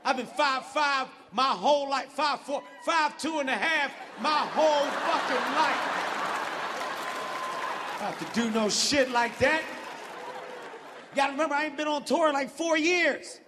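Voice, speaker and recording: High-pitched shouting stand-up comedian. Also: male voice, measured pace, pauses often, background noise. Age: 40s. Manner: loud, profane, swooping pitch, shouts punchlines. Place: large arena stage. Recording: big hall with crowd and laughter.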